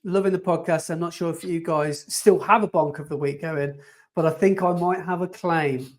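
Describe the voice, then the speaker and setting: A man's voice: a little high, steady tone, normal speed. A man co-hosting a running podcast, chatting casually and animatedly and laughing often. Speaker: podcast co-host. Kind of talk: casual chat.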